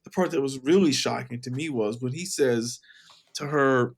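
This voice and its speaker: A man co-hosting a casual podcast chat, thinking aloud in a halting way with many restarts and repeated words. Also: mid-range voice, breathy edge. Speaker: podcast co-host. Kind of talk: casual podcast chat about a comic book.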